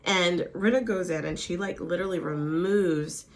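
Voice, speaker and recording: A woman vlogger recapping a reality show in a casual, gossipy, animated way. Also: lowish voice, moderate pace. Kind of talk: casual chatty recap with impressions.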